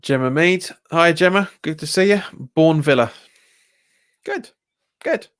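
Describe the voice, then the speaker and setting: A young man with a Cockney-tinged London accent doing live watch-along commentary of a football match, reacting loudly to refereeing calls and answering viewers' chat. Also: lively intonation, unhurried. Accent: Cockney-tinged London English. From England. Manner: exasperated, jumps up in pitch at bad calls, chats with viewers. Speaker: football fan livestreamer.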